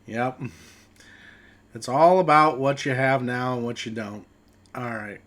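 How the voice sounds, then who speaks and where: A man narrating a tabletop game as its game master, speaking slowly at a mid pitch. He thinks aloud, reads rules, and chuckles along in a relaxed, easygoing way.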